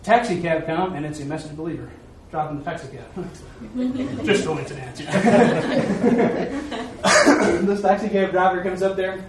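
A man preaching a sermon recounts his mission in a repetitive, down-home style that swells into emphatic peaks. He speaks a little slowly, with a somewhat high voice and lively intonation, heard from a distance in a strongly echoing hall over faint hiss.

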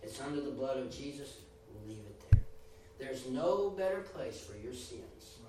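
A man's voice: medium pitch, expressive, normal speed, background noise. A man preaching a sermon with rising and falling emphasis, acting out the voices he quotes. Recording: echoey room, voice from a distance.

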